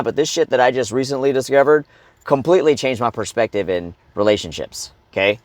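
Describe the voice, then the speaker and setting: A man's voice: medium pitch, dry recording. A middle-aged man giving a blunt, swearing motivational talk to other men as a coach, tagging his points with "right?" and "okay?" and acting out angry outbursts. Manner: acts out shouted angry outbursts.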